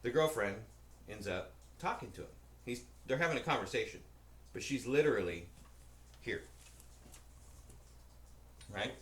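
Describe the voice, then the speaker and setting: A man co-hosting a podcast, telling a long, rambling story in a casual, profane, animated way. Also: mid-range voice, measured pace, long pauses. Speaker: podcast co-host. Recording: roomy echo with faint background noise.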